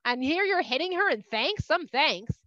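A woman's voice: sits high, animated, moderate pace, bright, forceful tone, dry recording, voice pushed up. A woman voicing a stern, scolding angel with a sword, in a dull, dry recording. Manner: scolding, casual.

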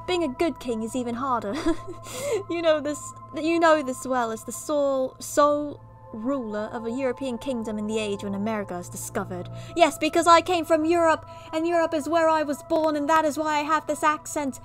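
A woman putting on a deliberately bad British accent to read a dark royal tale as a storybook narrator. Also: high-pitched, faint music behind, pitched above the performer's own voice, close to an everyday voice. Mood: mock-grand. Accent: put-on British. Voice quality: exaggerated, self-consciously bad accent. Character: hammy mock-British female storybook narrator.

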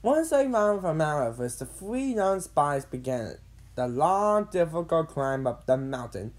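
A woman narrating a children's storybook read-along with expressive, dramatic delivery. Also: low voice, unhurried.

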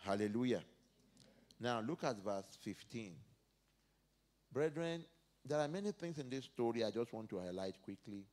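A male pastor preaching a sermon, dropping to soft asides and rising to loud emphatic peaks as he reads and acts out scripture. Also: mid-range voice, animated, moderate pace, pauses often. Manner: preaches verse by verse, acting out biblical speakers.

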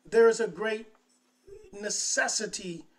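A man preaching a sermon as pastor, slow and emphatic, building up to louder, higher phrases as he stresses his points. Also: steady tone. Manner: slow, emphatic preaching that rises in pitch and volume on key phrases.

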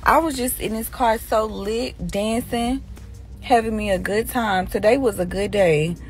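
A hoarse woman chatting casually with her followers on a phone live stream from inside a car, teasing and scolding them. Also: mid-range voice, unhurried. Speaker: social media personality on a live stream.

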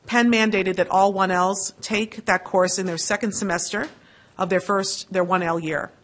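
A middle-aged woman, a law school dean, giving a measured, earnest introduction at a lecture with a lightly wry touch. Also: mid-range voice, steady tone, a bit bright. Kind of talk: formal lecture introduction with personal anecdotes. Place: lecture hall.

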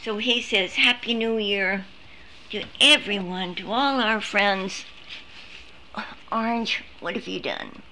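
A woman's voice: mid-range voice, slow, pauses often, pushed and bright, slight background noise. A woman streaming live on her phone, chatting casually and cooing in baby talk to a litter of puppies. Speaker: service dog puppy caretaker streaming a litter.

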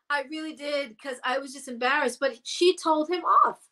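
A woman with a high, bright voice tells stories in a relaxed interview. She is animated and slips into the voices of the people she quotes. Her tone stays sharp and forward. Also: a little slow. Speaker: guest singer. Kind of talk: casual storytelling interview.

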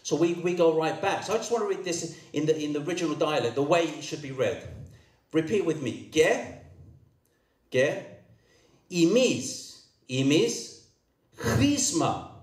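Older guy preaching, kinda high voice, big echo, mic a bit far off. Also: fairly quick, a little mellow. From Cyprus. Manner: emphatic, rising to raised proclamations, repeats words. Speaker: archbishop preaching. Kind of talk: sermon. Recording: echoey church sound from far off.

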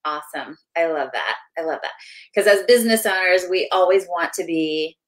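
A woman's voice: fairly low pitch, lively intonation, normal speed, rough recording. A woman hosting a members' webinar interview as a business finance coach, speaking enthusiastically and with many fillers.

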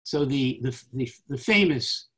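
A man hosting a casual poetry discussion over a video call, reading short translations aloud slowly and talking quickly between them. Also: medium pitch, animated, fairly bright tone, husky. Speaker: host.

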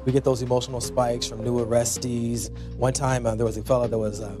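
A male corrections officer talks through an interview at an easy pace, pausing on small fillers. Loud music plays under his voice. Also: medium pitch. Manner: relaxed, hesitant with fillers.

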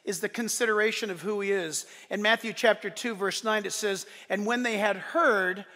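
A man preaching a sermon to his church, animated and swinging from loud declarations to soft, joking asides. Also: sits high, normal speed, big-room sound. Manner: playful, joking asides to the congregation. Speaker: pastor. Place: church service.

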